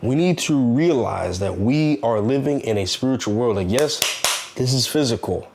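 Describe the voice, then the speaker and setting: A man talks straight to the listener in a casual, earnest motivational monologue. He sounds preachy, circles back on his points and keeps asking rhetorical questions. His voice sits at an ordinary middle pitch. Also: animated, normal speed, background noise. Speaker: self-help vlogger.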